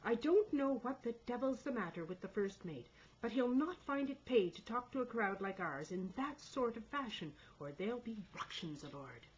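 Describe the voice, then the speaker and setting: A woman's voice: a little high, big pitch swings, moderate pace, slightly rough, highs cut off, voice pushed up. A woman voicing a male seaman who speaks up earnestly for the crew.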